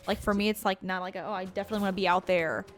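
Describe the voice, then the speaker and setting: A woman's voice: medium pitch, fairly even intonation, racing, faint music behind. A woman co-hosting a let's play, telling a long rambling story in casual chat while gaming. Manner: rambling storyteller, heavy use of "like". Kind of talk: casual chat over gameplay.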